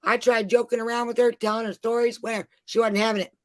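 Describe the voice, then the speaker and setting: A woman's voice: on the high side, level tone, quick pace, no room sound. A woman venting in an angry, profane rant, swearing nearly every sentence.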